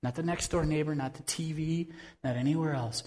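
A man preaching a conversational sermon as pastor, swinging from loud bursts to hushed tones. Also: fairly high pitch, a little fast, long reverb tail.

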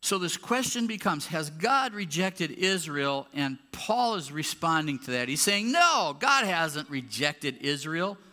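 A man's voice: fairly high pitch, very animated, a little slow, few pauses, pushed and bright. A man preaching a sermon as pastor of a church, conversational and emphatic when making a point. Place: church sanctuary. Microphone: handheld or clip mic with popping.

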